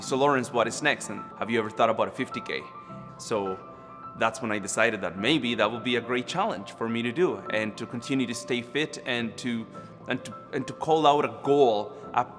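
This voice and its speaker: A man from Costa Rica, earnestly telling his own story at a church service with frequent restarts. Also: mid-range voice. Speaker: church member sharing a testimony. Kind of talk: personal testimony at a church service. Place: church auditorium. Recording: long hall reverb with music under.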